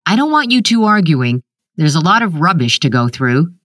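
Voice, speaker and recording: A woman's voice: low-pitched, big pitch swings, moderate pace, fairly bright tone, dry recording, clean studio sound. A woman reading the lines of a curt, defensive, ailing father in a short story.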